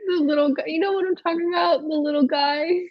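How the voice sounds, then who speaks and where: A woman's voice: high-pitched, fairly even intonation, fast talker, no room sound, lo-fi sound. A woman co-hosting a podcast, recapping a TV episode in a rambling, chatty way full of fillers. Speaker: podcast co-host. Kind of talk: casual chat recapping a TV episode.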